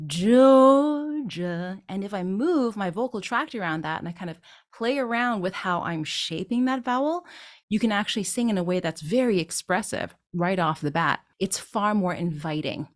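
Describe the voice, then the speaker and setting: A woman vocal coach teaching a singing tutorial, explaining patiently, tagging her points with questions, and breaking into short sung demonstrations. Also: lowish voice.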